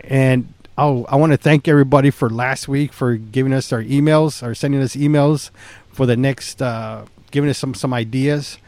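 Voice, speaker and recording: A man's voice: mid-range voice, fairly even intonation, normal speed, a little mellow, dry recording. A man co-hosting a podcast in casual chat, rambling and laughing often. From San Antonio, Texas. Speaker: podcast co-host.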